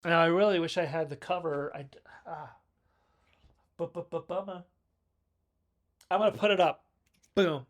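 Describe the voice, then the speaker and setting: A man's voice: a little high, a little fast. A man rambling through a casual, jokey film review on his own video channel.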